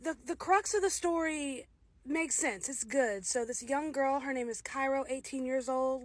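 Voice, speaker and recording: A woman's voice: high voice, dry recording. A woman giving a casual, candid spoken review of a film, opinionated and direct, with frequent restarts.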